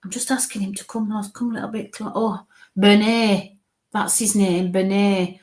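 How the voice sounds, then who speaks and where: Hushed, halting woman medium. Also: medium pitch, fairly even intonation. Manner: halting, coaxing, murmurs soft asides. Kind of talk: live spirit reading.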